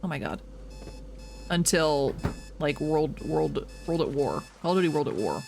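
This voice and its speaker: A young man streaming a video game, chatting casually with his chat while he plays, animated and self-mocking. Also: on the high side, measured pace, creaky, a little hiss or hum.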